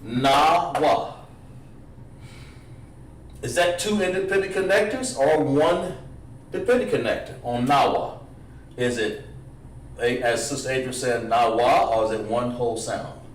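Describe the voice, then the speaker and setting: Slow-talking man teaching in a roomy echo. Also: mid-range voice, slight background noise. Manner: drawn-out pronunciation drills, chatty asides to viewers. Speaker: instructor. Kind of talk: livestreamed language lesson. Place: room, livestream. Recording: roomy echo, far from the mic.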